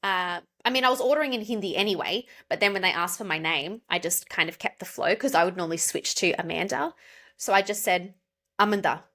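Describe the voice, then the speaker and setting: Australian woman coach, lowish voice, bright tone, explains by example. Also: animated, a little fast. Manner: explains with spelled-out examples and laughs. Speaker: pronunciation coach guest. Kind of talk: casual interview chat.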